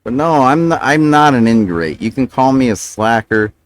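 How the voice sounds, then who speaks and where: On a low-quality recording, a man with a mid-range voice and lively intonation talks at a normal speed. He's a streamer ranting and swearing in a casual, self-justifying ramble, sometimes mumbling with his mouth full.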